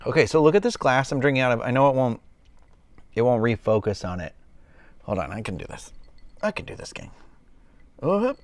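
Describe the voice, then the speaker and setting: A man's voice: mid-range voice, no room sound. A man with a loose Southern US accent hosting a casual livestream from home, chatting in a rambling way full of fillers and restarts. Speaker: livestream host. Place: at home, sipping a cocktail on camera.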